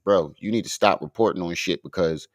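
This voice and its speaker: A man's voice: sits low, a little fast, dry recording, clean studio sound. A man giving profane reaction commentary, mocking and arguing with the clips he plays. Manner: mocking, argumentative, swears heavily. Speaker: commentary streamer.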